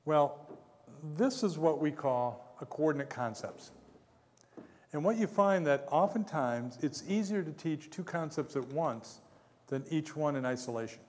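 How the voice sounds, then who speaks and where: A man's voice: on the high side, lively intonation, a little slow. Chuckling man lecturing in a hall. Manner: rambling, chuckles often, self-deprecating. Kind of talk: conference lecture.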